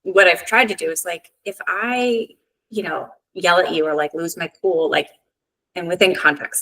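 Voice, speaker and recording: A woman, a family therapist, chatting casually as a podcast guest and telling lively stories while acting out what others said. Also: fairly low pitch, a little slow, poor audio. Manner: lively storytelling, acts out quotes.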